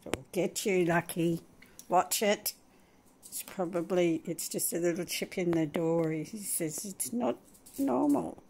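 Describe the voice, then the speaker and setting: A woman chats at home in an unhurried, rambling vlog and speaks very slowly. Her voice sits fairly low, and soft laughs slip into her talk. Faint household ambience hums underneath. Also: fairly even intonation, slight background noise. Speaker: vlogger. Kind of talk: casual home vlog, talking to her dog. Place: at home indoors.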